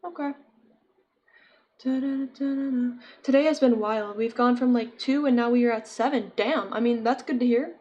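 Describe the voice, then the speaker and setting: A woman's voice: on the high side, a little fast, few pauses, a little mellow, lo-fi sound. A young woman chatting casually with her viewers while she crochets, giggling often and answering chat. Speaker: streamer.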